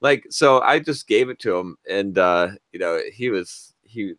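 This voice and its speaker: Male podcast host, lively swearing storyteller, bright forceful tone, dry close sound. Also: lowish voice, a little slow, dry recording. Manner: animated, profane, acts out quoted dialogue. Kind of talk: casual storytelling chat.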